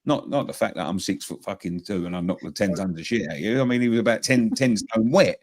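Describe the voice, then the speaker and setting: A man's voice: on the low side, fast. A man hosting a casual football panel and telling stories in a chatty way. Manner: lively storyteller, chatty.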